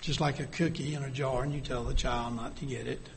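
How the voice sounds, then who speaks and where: A man preaching a sermon, reading scripture aloud and dropping to a hush for vivid scenes. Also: mid-range voice, fairly even intonation, brisk, a little hiss or hum.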